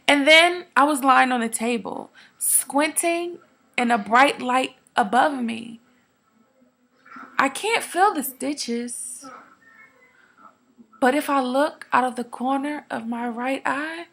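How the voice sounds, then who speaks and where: A woman performing a dramatic monologue, telling a first-person story in an earnest, quiet, measured way. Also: high-pitched, gravelly.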